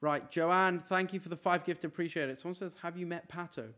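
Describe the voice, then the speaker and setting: A man's voice: high-pitched, fairly even intonation, a bit bright. A man chatting casually on a live stream, reading out his chat and answering questions in an easygoing way. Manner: chatty, easygoing, quick to brush off teasing.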